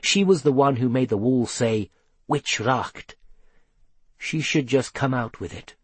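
A man reading a children's fantasy story aloud in a measured storytelling delivery. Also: medium pitch, husky, dry recording. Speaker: audiobook narrator. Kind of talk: scripted narration.

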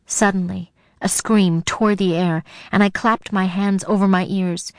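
A woman's voice: mid-range voice, fairly even intonation, a little slow, no room sound. A woman narrating a suspense story in the first person, in a tense, dramatic storytelling manner.

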